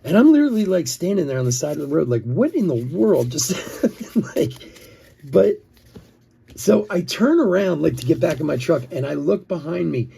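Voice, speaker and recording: A man's voice: on the high side, sing-song, brisk, creaky, warm tone, husky. A man, host of a live card-breaking stream, telling a rambling story full of "like" and chuckles. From Philadelphia area. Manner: rambling, chuckles often, says "like" a lot. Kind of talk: live-stream storytelling while opening cards.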